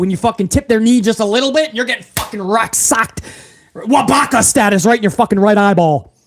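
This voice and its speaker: A man from New England hosts a live wrestling review in a casual, excitable way, heavy on swearing and slang. His voice sits high and swings widely up and down. He talks like a fan chatting with friends.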